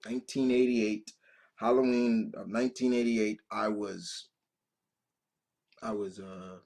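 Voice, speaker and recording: A man's voice: fairly low pitch, flat delivery, takes it slowly, vocal fry, a little mellow. A man in his thirties hosting a reaction video, telling personal stories in a casual, profane and emotional way, full of restarts. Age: 30s.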